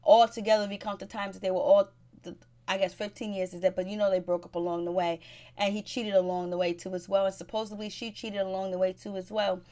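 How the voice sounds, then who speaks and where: A woman's voice: mid-range voice, flat delivery, quick pace, mellow. A woman recapping a reality TV episode in a chatty, gossipy way, with blunt advice to viewers. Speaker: TV show recap host. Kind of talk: casual recap commentary.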